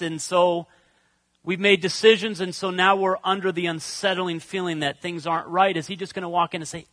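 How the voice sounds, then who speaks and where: A man's voice: high-pitched, flat delivery, brisk, sharp tone, no room sound. A middle-aged man preaching a sermon, conversational, telling stories and turning to ask the congregation questions. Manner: conversational, storytelling with asides to the congregation. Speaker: pastor.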